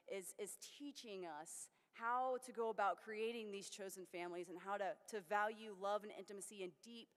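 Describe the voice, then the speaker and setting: A woman giving a conference keynote, telling personal stories in an earnest way. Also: medium pitch. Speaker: keynote speaker. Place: large conference hall. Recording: long reverb of a large hall.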